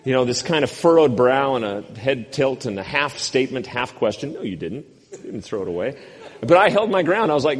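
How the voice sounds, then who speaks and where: Brief: fifties male pastor, husky, wry sermon delivery, reverberant church hall. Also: mid-range voice. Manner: wry, self-deprecating storyteller.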